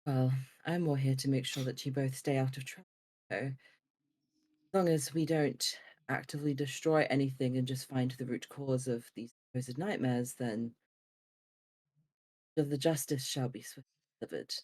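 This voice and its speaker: A player voicing a stiff, lawful beast-folk guardian who lectures the party in a lowered voice during a tabletop game. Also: fairly even intonation, moderate pace, a little mellow, lightly acted. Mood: stern.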